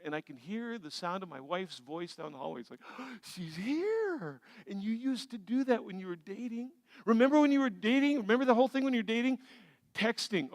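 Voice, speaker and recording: High-voiced animated pastor. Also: male voice, no echo. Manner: animated, acts out little scenes with shifting energy. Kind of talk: sermon. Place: large church sanctuary.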